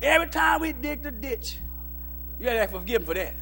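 A man preaching a sermon, his voice pitched very high and bright. He swings from quiet, low asides to loud shouted exhortation, talking in plain folksy speech. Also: expressive, fast talker, faint music behind. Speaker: pastor. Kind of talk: call-and-response sermon.

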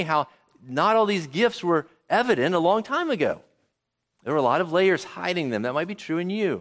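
A man's voice: fairly high pitch, fairly bright tone. A man preaching a sermon in church, asking his congregation a run of rhetorical questions. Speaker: pastor.

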